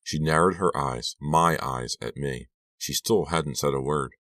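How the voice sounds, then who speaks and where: Man reading an audiobook, super deep voice, steady and measured, dry close sound. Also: no room sound. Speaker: audiobook narrator. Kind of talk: scripted narration.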